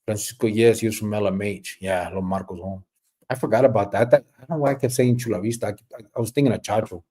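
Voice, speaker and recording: Man, middle-aged, dark warm tone, relaxed rambling livestream chat, spanish slang. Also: lowish voice, fast, slightly rough. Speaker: livestream host. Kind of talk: casual livestream chat reading comments.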